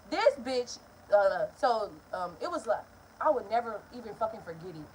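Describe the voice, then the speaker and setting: A young woman, telling a story in a casual vlog, animated and profane. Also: on the high side, fairly quick, slight background noise. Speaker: vlogger.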